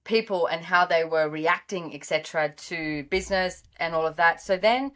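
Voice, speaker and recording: Aussie woman guest, animated anecdotes, lowish pitch, video-call sound. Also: normal speed. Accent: Australian. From Australia. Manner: lively storyteller, acts out quoted dialogue. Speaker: guest, business author. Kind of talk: casual storytelling interview.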